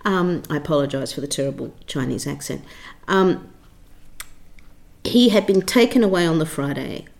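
A middle-aged woman tells a long story as an interview guest. Her voice sits a little low for a woman, and she speaks expressively, leaning on key words and often restarting her sentences. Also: normal speed, creaky, a little mellow. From Australia. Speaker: theatre director and writer, interview guest.

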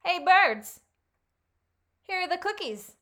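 A woman's voice: very high-pitched, very animated, takes it slowly, fairly bright tone, voice pushed up, exaggerated voice. Woman reading as an eager storybook frog. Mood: calling out. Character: excited cheerful male frog. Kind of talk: storybook read-aloud.

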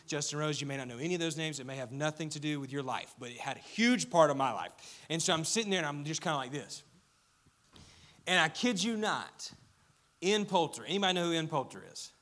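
Young male pastor, lively storytelling sermon, high bright voice. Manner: animated, storytelling with audience questions.

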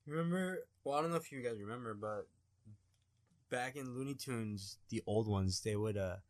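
A man's voice: mid-range voice, normal speed, dry recording. A young man on a casual podcast, blunt and skeptical, swearing freely. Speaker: podcast co-host.

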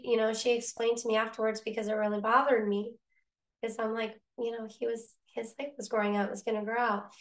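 A woman telling a personal faith story as a podcast guest, in a casual, animated way, acting out the voices of people in her story. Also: on the high side.

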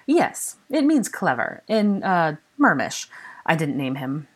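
A woman's voice: low-pitched, very animated, takes it slowly, slightly rough, exaggerated voice. A woman playing a haughty, evasive witch.

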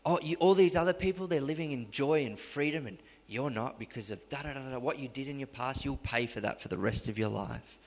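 A man preaching voices the devil as a quiet, nagging accuser who condemns the listener. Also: mid-range voice, a little fast, few pauses, long reverb tail, lightly acted. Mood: hushed accusing. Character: sneering male devil, accusing and belittling.

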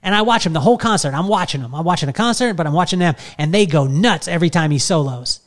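A middle-aged podcast host tells a personal story in a loose, animated, casual way. His voice is a little higher than most men's, and he talks fast, rambling with lots of fillers and false starts.

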